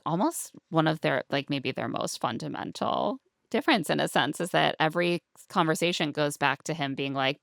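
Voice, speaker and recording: A woman with a low voice and plenty of gravelly fry talks through a reality show in a relaxed, chatty way, slipping into put-on voices when she quotes people. The sound is close and dry, with no room around it. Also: no room sound. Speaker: podcast co-host. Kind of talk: casual recap chat.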